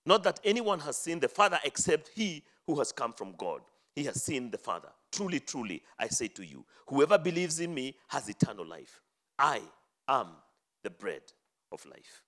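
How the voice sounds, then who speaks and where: A man preaching a sermon, reading scripture aloud and explaining it, rising to loud emphatic phrases and dropping to low, quiet endings. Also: sing-song, normal speed. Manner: dramatic swings from loud high emphasis to low hushed endings.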